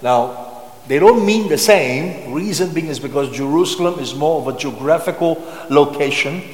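A man preaching a sermon, reading Bible verses slowly and breaking off to explain them with asides and rhetorical questions. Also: a little high. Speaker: pastor. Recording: echoey hall.

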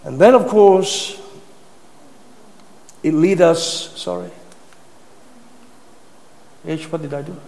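Male preacher, high voice, teaching sermon style with questions to the congregation; reverberant hall sound. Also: takes it slowly, gravelly, pauses often, warm tone. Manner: teaching, rhetorical questions to listeners, repeats words.

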